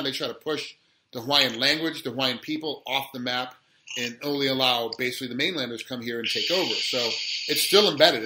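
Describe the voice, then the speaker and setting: Fast-talking, very bright male interviewer. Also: mid-range voice. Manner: fast, animated talk. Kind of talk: casual interview chat. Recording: roomy echo with faint noise.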